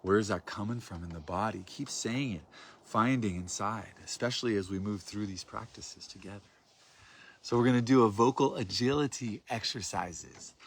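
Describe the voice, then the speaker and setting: A man guiding a group through prayer and vocal practice, speaking in a soft, loving, grounded tone and drawing his phrases out invitingly. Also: on the low side, moderate pace, husky. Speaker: spiritual workshop facilitator.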